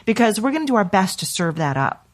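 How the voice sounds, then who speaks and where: A woman hosting a reflective conversation, calmly coaching and acting out worried self-talk. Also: mid-range voice, fast. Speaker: podcast host and teacher.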